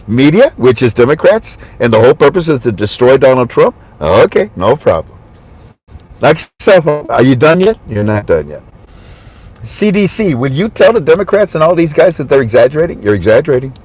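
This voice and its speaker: A man giving rambling political commentary to his viewers, animated and jumping between mock voices and asides. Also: on the high side, breathy edge, no room sound. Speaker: commentary vlogger.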